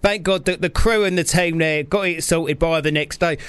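A man hosting a casual chat, quick and teasing as he asks questions. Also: a little high, a bit bright, clean tone, no echo. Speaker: host.

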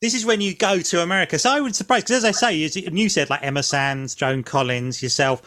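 A woman's voice: lowish voice, a little fast, a bit bright. A woman co-hosting an interview, asking curious, loosely phrased questions. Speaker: podcast co-host. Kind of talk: interview chat.

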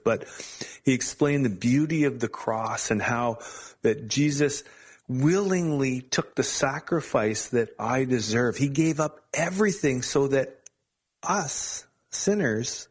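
A man as an interview guest, sharing a personal faith testimony in an earnest, halting way with frequent restarts. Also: mid-range voice, husky.

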